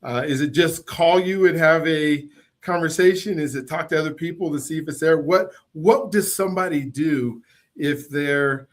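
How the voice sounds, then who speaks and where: A man with a fairly high voice hosts a casual interview. He asks long, winding questions and fills the pauses with warm murmurs of agreement. His tone is supportive and easygoing. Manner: supportive, rambling questions with many listening sounds. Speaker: podcast host.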